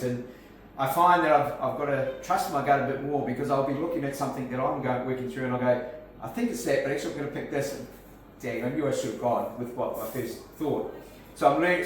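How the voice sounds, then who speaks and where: A man's voice: medium pitch, slight background noise. A man with a New Zealand accent, a life coach giving a casual live talk to a networking group, speaking conversationally with frequent restarts and fillers. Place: cafe function room, in front of a group. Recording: echoey room, distant mic, faint ambience.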